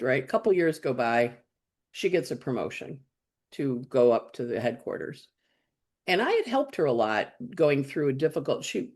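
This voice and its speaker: A woman astrologer, a guest on the show, telling a story in loose conversation. She talks bluntly, swears without hesitation and acts out the lines of everyone she quotes. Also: a bass voice. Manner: lively, blunt and chatty, acting out quoted dialogue and swearing freely.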